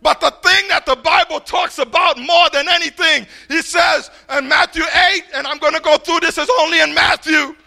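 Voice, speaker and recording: A middle-aged man preaches to a congregation in a voice pitched very high for a man, with a bright, sharp edge. He surges into shouts and then drops to quiet asides, stammering and repeating words as he goes. A rough, gravelly fry runs under his speech. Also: steady tone, normal speed, hardly any pauses. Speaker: pastor. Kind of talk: sermon. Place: church, before a congregation.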